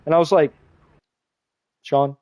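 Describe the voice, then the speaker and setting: A young adult man streaming a game tells a rambling personal story in casual chat, swearing now and then. His voice is a little high and darkish in tone, fairly quick, with no room sound.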